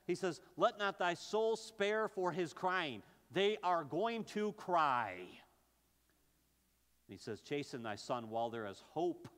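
A man's voice: fairly high pitch, fairly bright tone. Preaching man in a reverberant hall. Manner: impassioned preaching with quick bursts and slow, drawn-out scripture quotes; stammers and restarts often. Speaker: pastor. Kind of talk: sermon. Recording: long reverb from a large hall.

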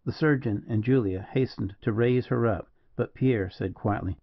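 A man reading a classic novel aloud as an audiobook narrator, in a measured, dramatic way. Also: mid-range voice, slightly rough, no room sound. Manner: measured, dramatic reading that voices each speaker. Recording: dull lo-fi dry recording.

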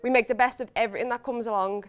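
Young bride, heartfelt and giggly speech, smooth voice on the higher side. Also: female voice, steady tone, rapid-fire. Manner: emotional, laughing between lines. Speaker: bride giving a wedding speech. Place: hotel wedding reception.

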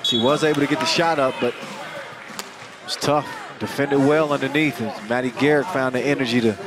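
A man calling a basketball game live, joking and energetic, getting louder on big plays. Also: medium pitch, moderate pace. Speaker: play-by-play commentator. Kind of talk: live sports commentary. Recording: crowd and music under the commentary. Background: arena crowd and music.

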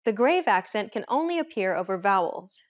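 A woman presents a beginner language lesson in a clear, steady scripted manner. Her voice sits at a middle pitch and she explains each point evenly. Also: normal speed.

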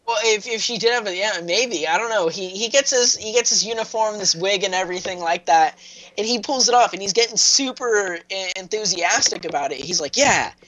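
Rambling through plot summaries with plenty of fillers, this man co-hosts a casual review podcast. His high voice is pushed and bright, moving a little fast, and the audio is low quality.

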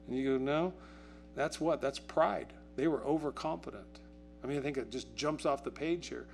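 A man preaching a sermon as a pastor. He talks conversationally, asks the congregation questions and acts out quotes in a raised, excited voice. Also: a little high, moderate pace, faint music behind. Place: church.

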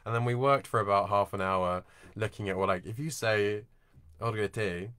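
A man teaches voice and work in a relaxed, conversational way. He walks through points with everyday examples. His voice sits fairly low yet sounds bright and forward, recorded dry and close over a video call. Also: a little fast, clear, resonant tone, dry recording. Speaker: voice and accent coach. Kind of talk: informal online teaching talk.

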